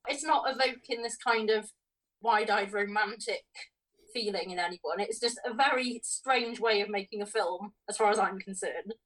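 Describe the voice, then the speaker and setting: A woman's voice: medium pitch, moderate pace, a bit bright. Wry woman, a little off-mic. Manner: wry, dismissive criticism with laughs. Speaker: podcast co-host. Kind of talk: casual film review chat. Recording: voice distant from the mic.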